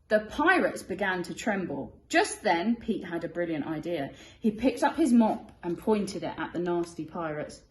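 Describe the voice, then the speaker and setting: A woman teacher reading a picture book aloud, expressive and lively, in an echoey room. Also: fairly low pitch, normal speed. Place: classroom or school room.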